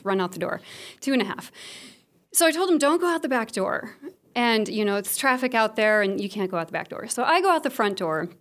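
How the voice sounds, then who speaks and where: A woman in her thirties telling a candid personal story about motherhood to an audience, frank and humorous, with a self-deprecating streak. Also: medium pitch. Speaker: speaker sharing a personal story.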